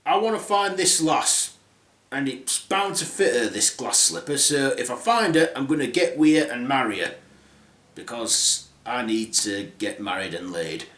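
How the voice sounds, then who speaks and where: A man's voice: medium pitch, sing-song, moderate pace, a bit bright, roomy sound, pitched below the performer's own voice. A man doing a crude lad of a prince. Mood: leering. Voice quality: blunt, crude. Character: lecherous crude young prince.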